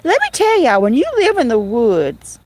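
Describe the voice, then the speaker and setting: A woman's voice: a little high, sing-song, moderate pace, a little mellow, no echo. A middle-aged woman, hosting a casual livestream from her rural home and answering viewers by name. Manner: chatty, drawling, answers chat by name. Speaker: livestream host.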